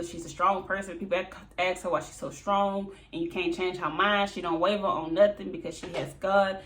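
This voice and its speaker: A woman's voice: on the low side, a bit bright, a little hiss or hum. A woman recapping a reality show in a casual, chatty way, laughing often and mimicking the people she quotes.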